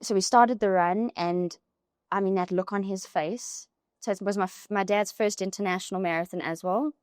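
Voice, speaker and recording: Young woman, guest storyteller, lively and chatty, dry close sound. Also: medium pitch, moderate pace, no room sound. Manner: animated, with many "like" fillers. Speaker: podcast guest. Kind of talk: emotional personal storytelling.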